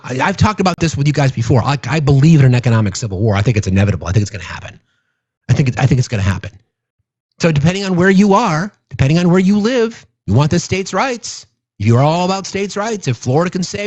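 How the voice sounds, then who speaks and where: A man's voice: a little high, very animated, fast, a little mellow, husky, no echo, dull audio. A man giving a casual political rant to his viewers, sarcastic, mocking and profane. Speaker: political commentator.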